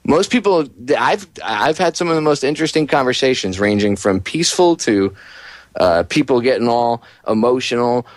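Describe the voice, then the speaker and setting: Animated mocking male radio host. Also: medium pitch, normal speed, dry recording. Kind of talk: casual radio talk.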